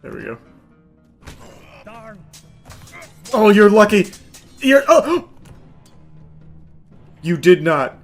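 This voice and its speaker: A man doing live gameplay commentary as a streamer, yelling, laughing and swearing in bursts. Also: sits high, extremely slow, pauses often, soft background music. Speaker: gaming streamer.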